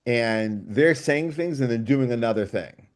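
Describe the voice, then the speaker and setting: A writer appears as a guest on a book club show over a video call, chatting casually with enthusiasm and wandering into long digressions as he thinks out loud. His voice is medium-pitched and expressive, a little slow.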